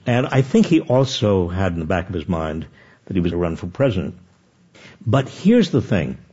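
An older man telling anecdotes as a guest author, with animated and self-deprecating restarts. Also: medium pitch, breathy edge, dull audio. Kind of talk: conversational storytelling.

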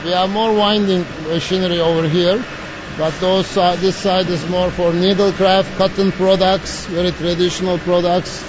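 Male business owner, high voice, halting English, noisy street field recording. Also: level tone, muffled recording. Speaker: textile company CEO. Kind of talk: on-location interview. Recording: field recording with traffic noise.

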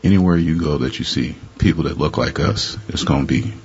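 A man's voice: rumbling low, fairly quick, a little mellow, breathy edge, dull audio. A male musician guest talking casually with an easygoing humor. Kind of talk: casual conversation.

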